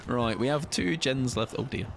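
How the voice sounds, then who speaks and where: A man streaming a game, chatting playfully and excitably with teammates. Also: medium pitch, normal speed, creaky. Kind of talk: casual gaming chat.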